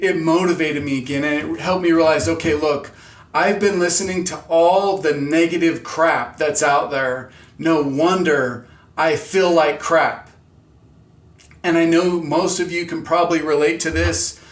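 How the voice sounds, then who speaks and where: A man in his thirties hosting a motivational vlog, talking candidly and earnestly about pushing through setbacks. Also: a little high. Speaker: channel host. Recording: roomy echo.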